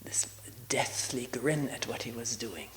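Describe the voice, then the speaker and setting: An older woman, in her sixties, gives a reflective spiritual talk as a retreat teacher. Her delivery is unhurried, with long pauses between phrases. She often lets her voice fall to a soft half-whisper. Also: rumbling low, lively intonation, slight background noise, low-quality recording.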